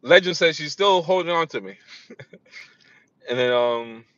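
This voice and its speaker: A man's voice: a little high, expressive, measured pace, fairly bright tone, no echo, lo-fi sound. A man talking in a casual vlog monologue, rambling and often restarting his sentences. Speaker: vlogger.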